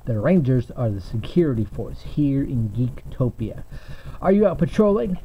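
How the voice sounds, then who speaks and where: A man's voice: mid-range voice, very animated, normal speed. Guy doing a hammy fake news report for a toy video, upbeat, a bit muffled with faint hiss. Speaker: host and reporter. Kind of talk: playful mock news report. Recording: slightly muffled home recording.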